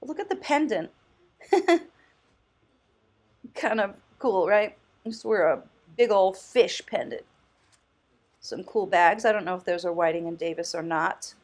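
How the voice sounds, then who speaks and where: A woman vlogging casually as a thrift host, chatty and enthusiastic, often exclaiming and thinking out loud. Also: medium pitch, animated, measured pace, long pauses. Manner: muses aloud, thinking out loud. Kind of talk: casual vlog commentary.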